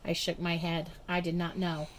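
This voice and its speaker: Woman reading a kids' story out loud, measured and expressive. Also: on the low side. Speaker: storybook reader. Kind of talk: children's book read-aloud.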